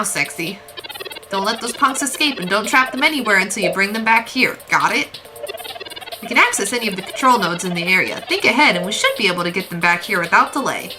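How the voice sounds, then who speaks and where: A woman's voice: a little high, lively intonation, brisk, close to an everyday voice, poor audio. A woman voicing a polite, formal robot companion with old-fashioned wording, reading game dialogue while she plays. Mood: earnest. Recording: game music behind.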